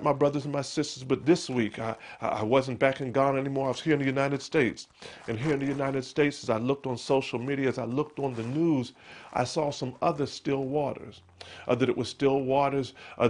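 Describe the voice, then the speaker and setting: A middle-aged male pastor preaching a sermon, full of stammered restarts, building to emphatic peaks and dropping to a hushed voice for scripture. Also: mid-range voice. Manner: quotes scripture in a hushed, slow whisper.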